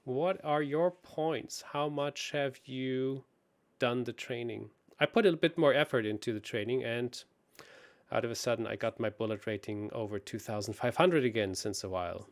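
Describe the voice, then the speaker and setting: A man in casual chat, working through chess puzzles out loud. He is chatty, laughs easily and has a mid-pitched voice. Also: normal speed. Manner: chatty, laughs often, thinks aloud. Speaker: co-host.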